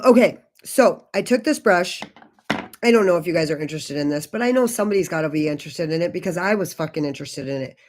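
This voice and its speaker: This beauty channel host, a woman in her forties, has a fairly low, slightly mellow voice. She keeps her makeup livestream loose and profane, chatting freely with her viewers.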